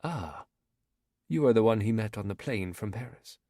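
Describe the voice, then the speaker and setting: A man reading an audiobook, voicing a smooth Somali pirate commander with an African accent, calm and proud. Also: on the low side, moderate pace, no room sound, studio quality.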